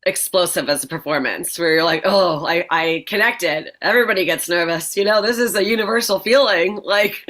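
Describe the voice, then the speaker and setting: A woman's voice: medium pitch, fairly quick, a bit bright. A woman in her forties, a stand-up comedian, chatting casually as an interview guest, laughing often and swearing freely. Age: 40s.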